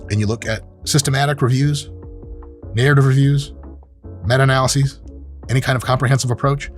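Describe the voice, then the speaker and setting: A man's voice: mid-range voice, steady tone, fairly quick, faint music behind. A man who is a sport science professor, commenting brashly and with profanity in a video review.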